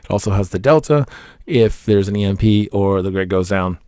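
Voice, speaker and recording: A man's voice: lowish voice, a little fast, warm tone, no room sound, studio quality. A man, a military veteran, talking casually to camera as a fatherhood vlogger, rambling and emphatic with little laughs between points.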